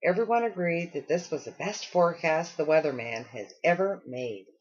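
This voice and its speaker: Husky woman reading a storybook aloud. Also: deep voice, moderate pace, dull audio. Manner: expressive storytelling with acted character lines. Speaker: storybook reader. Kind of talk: reading a children's picture book aloud.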